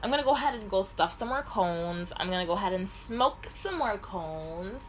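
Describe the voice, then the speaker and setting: Middle-aged woman vlogger, lively pitch and profane rambling storytime delivery, faint background hiss. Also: moderate pace, low-quality recording. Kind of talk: casual storytime monologue.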